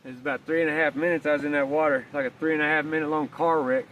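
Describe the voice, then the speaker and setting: A man's voice: on the high side, steady tone, rapid-fire, fairly bright tone. A man telling a rambling, folksy story outdoors while walking his dog, swearing casually. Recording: distant mic, faint outdoor noise.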